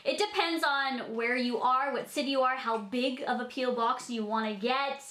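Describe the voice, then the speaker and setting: A woman's voice: sits high, moderate pace, bright, forceful tone. A Canadian woman in her twenties chatting casually while she answers viewer questions, giggling and using lots of fillers. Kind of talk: casual Q&A vlog. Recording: echoey room.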